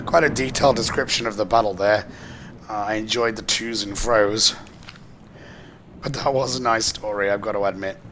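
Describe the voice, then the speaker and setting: A hoarse man whose voice keeps squeaking and giving out, chatting and joking as he plays through a story game. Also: moderate pace, noisy background. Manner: jokey, chatty asides. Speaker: let's play host. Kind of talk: casual gameplay commentary.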